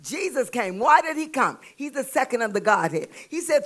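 A woman preaching a sermon with a Southern US accent, calling out to the congregation and building to shouts. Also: a little high, lively intonation, normal speed, few pauses. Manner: call-and-response preaching, rising to shouts.

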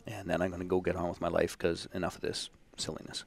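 Brief: man in his fifties, low voice, gravelly edge, relaxed animated storyteller. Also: quick pace, a little hiss or hum. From Saskatchewan, Canada. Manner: animated, self-deprecating storyteller. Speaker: podcast guest. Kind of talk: casual storytelling.

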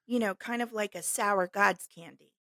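A woman from Missouri, co-hosting a podcast and telling animated stories in casual chat. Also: medium pitch, normal speed, no room sound. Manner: animated storyteller who acts out quotes. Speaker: podcast co-host.

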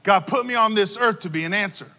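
Man, pastor, sermon, high voice, animated, calls to the crowd, reverberant church hall. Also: fast.

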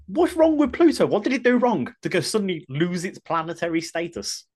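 A woman co-hosting a podcast in relaxed, playful chat, often giggling. Her voice jumps around a great deal in pitch, from low asides to high squeals. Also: a little fast. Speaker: podcast co-host. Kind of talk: casual chat.

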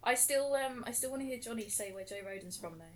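A woman's voice: a little high, fast. A woman, a podcast co-host, chatting casually, teasing the others and laughing often, with some swearing. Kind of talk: casual chat.

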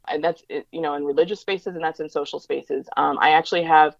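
A woman talks fast and emphatically as an interview guest, slipping into the voices of people she quotes. Her voice sits somewhat low. The recording is dry and a bit dull and lo-fi. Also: steady tone, vocal fry, dry recording. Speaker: interview guest, diversity educator. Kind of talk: conversational interview storytelling.

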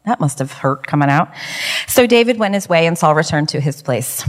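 A woman giving a conversational Bible lesson in a lively, chatty way, often asking rhetorical questions. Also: sits low, moderate pace. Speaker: Bible study teacher. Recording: long reverberant hall.

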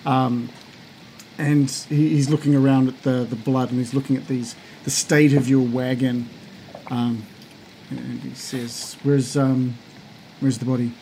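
A man narrating a tabletop role-playing game as game master, often pausing with fillers and restarts. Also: medium pitch, little pitch movement, dark tone, a little hiss or hum, rough recording. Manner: halting, with many fillers and restarts.

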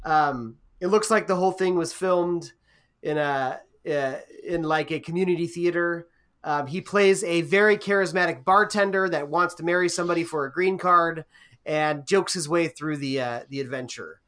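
A man's voice: on the high side, moderate pace, fairly bright tone. A man co-hosting a podcast, chatting casually and rambling with lots of ums and restarts. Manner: rambling, hesitant, many fillers. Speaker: podcast co-host. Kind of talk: casual chat.

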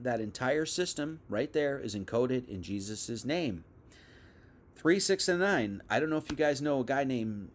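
A young man giving a casual, conversational Bible teaching, full of asides and restarts. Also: mid-range voice. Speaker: preacher.

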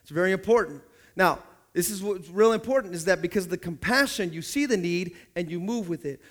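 A man's voice: sits high, a little fast. A man pastor preaching a sermon in church, calling on the congregation to answer back and acting out little scenes in other people's voices.

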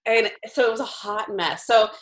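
A woman telling a ranch story in casual chat, animated and laughing often. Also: on the high side, moderate pace.

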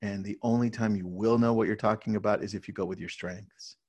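A man who leads a real estate team, talking casually in an interview and telling energetic stories with frequent "right?" tags. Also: on the low side, a little fast.

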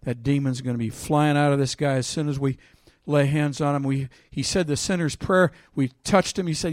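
A man delivers a sermon in a somewhat high voice, recorded close and dry with almost no room sound. He reads scripture loudly and emphatically, then drops into a quiet, conversational tone to tell a story from his own ministry. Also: moderate pace, few pauses, no room sound. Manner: animated, swings between loud emphatic reading and quiet storytelling. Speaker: preacher.

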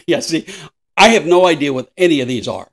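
Lively older man laughing through a podcast. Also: fairly high pitch, brisk, gravelly, a crowd in the background. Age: 60s. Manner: laughs often, acts out voices in anecdotes. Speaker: podcast co-host. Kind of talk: casual podcast chat.

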